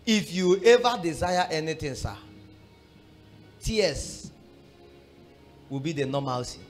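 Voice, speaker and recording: A middle-aged man preaching a sermon as pastor, fervent, moving from murmured prayer to shouted exhortation. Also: on the high side, big pitch swings, takes it slowly, faint music behind.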